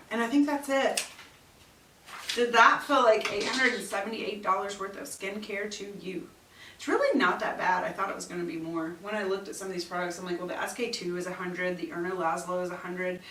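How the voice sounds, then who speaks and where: A woman's voice: medium pitch, brisk, sharp tone, far from the mic. A middle-aged woman talks through product reviews in a chatty, blunt way. She throws in exasperated asides. She sits a little back from the mic, and the room gives a roomy echo with a faint hiss behind her. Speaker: beauty vlogger. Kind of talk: casual product review chat.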